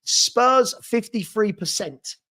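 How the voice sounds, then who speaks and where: During a live fan watchalong, this young host talks casually into a desk microphone and reads out viewer comments, his speech loose and full of ums and restarts. His voice is high for a man, animated and sharp in tone, and he speaks slowly.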